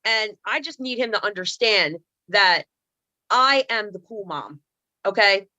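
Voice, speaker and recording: A woman's voice: medium pitch, animated, a little slow, sharp tone, no echo, poor audio. A woman in her thirties telling comedic stories on a video call, sassy and self-mocking with playful asides. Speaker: comedian and speaker. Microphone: computer mic on a video call.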